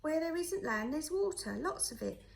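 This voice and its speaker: A rough but kindly boatman with a strange accent muses out loud to a small boy, as a woman reading the story puts him on. He speaks warmly and slowly, working his thoughts out as he goes, in a fairly high voice. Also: very animated, heavily acted. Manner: friendly, slow, musing.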